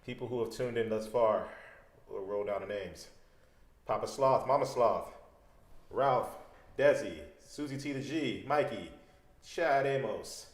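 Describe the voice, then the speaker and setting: A man co-hosting a livestreamed podcast, teasing his friend with quick-witted comebacks. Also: medium pitch. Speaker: podcast co-host. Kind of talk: casual chat. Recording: echoey room.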